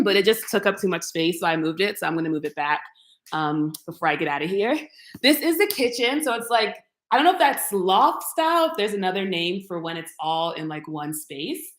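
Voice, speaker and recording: A young woman chats on a live stream as she walks through her modern apartment, playful and talking straight to her viewers. Her voice sits at an everyday pitch, and the rooms around her have a noticeable echo. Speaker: YouTuber giving an apartment tour. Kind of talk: casual live-stream chat. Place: modern open-plan apartment, indoors. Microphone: camera mic, walking through rooms.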